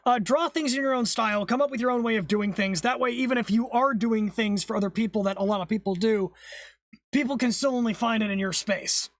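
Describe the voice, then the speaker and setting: A streamer in casual chat who coughs and clears their throat often, loses their train of thought, restarts sentences and swears. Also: medium pitch, brisk, no echo. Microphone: streaming setup, private call.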